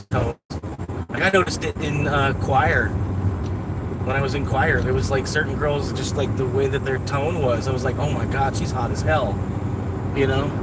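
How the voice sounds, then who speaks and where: Man, casual rambling streamer talking from a vehicle; distant phone mic, heavy road noise behind. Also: mid-range voice. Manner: rambling, loose, full of "like" and "you know what I mean". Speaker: livestreaming rideshare driver. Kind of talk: casual rambling livestream talk. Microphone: phone camera.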